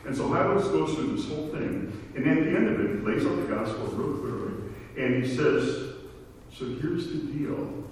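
A man's voice: fairly high pitch, sing-song, moderate pace, darkish tone. A man preaching a sermon, telling stories in a conversational way with asides. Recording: echoey hall from far off, faint noise.

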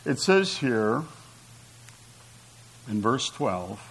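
A man's voice: mid-range voice, very animated, extremely slow, a bit bright, slightly rough, rough recording. A man preaching a conversational sermon, reading scripture aloud and asking his listeners rhetorical questions. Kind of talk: sermon teaching.

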